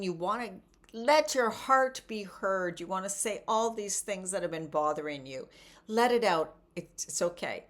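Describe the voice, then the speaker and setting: A woman's voice: medium pitch, animated, a little slow. A middle-aged woman casually teaching a guided technique, encouraging and conversational, often checking in with the listener. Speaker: wellness coach.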